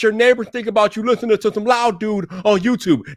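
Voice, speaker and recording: A young adult man hosting his own live stream, shouting hype-man cheers between stretches of casual talk to his chat. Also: high voice, fairly quick, hardly any pauses, dry recording, studio quality.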